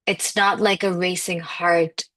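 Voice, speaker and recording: A woman's voice: on the low side, little pitch movement, takes it slowly, fairly bright tone. A woman coaching listeners through a motivational spiritual talk, emphatic and conversational, often saying "like". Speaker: manifestation coach.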